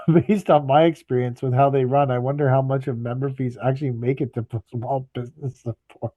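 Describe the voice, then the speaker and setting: A man's voice: medium pitch, steady tone, fairly quick, dry recording, muffled recording. A man co-hosting a podcast who teases the others and laughs while reading aloud. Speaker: podcast co-host. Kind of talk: casual chat.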